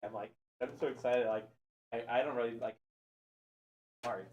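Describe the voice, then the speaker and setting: A man's voice: mid-range voice, fairly even intonation, moderate pace, darkish tone, muffled recording. Rambling, laughing man telling a story. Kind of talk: casual chat.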